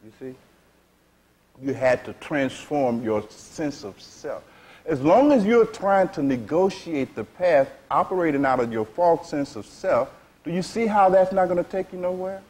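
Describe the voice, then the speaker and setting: A man's voice: a little high, animated, a little slow, darkish tone. A man teaching a sermon to a seated audience, speaking frankly in vernacular phrasing and repeatedly asking "you see?". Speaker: spiritual teacher.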